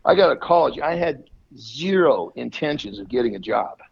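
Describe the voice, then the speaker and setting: A man's voice: mid-range voice, expressive, moderate pace, creaky, very noisy. A man hosting a casual, profane chat, blunt and boastful, cursing in nearly every line. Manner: swears constantly, blunt and boastful. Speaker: podcast host. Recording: dull lo-fi sound.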